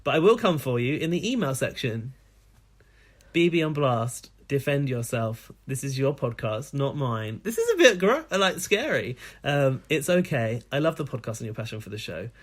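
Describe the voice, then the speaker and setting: A man's voice: mid-range voice, big pitch swings, normal speed. A man reading as a snarky male email ranter. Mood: sarcastic. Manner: mocking, sarcastic reading. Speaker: podcast co-host.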